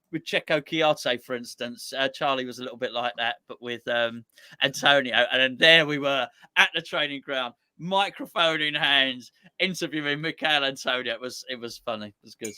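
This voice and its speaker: A man's voice: a little high, moderate pace, pushed and bright, smooth, no echo. A man co-hosting a casual sports chat, bantering and laughing. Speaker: co-host.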